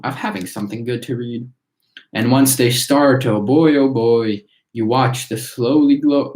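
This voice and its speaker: A man's voice: medium pitch, darkish tone, lightly acted. A man reciting as tiny workers chanting verse. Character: chorus of tiny singing factory workers. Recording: roomy echo.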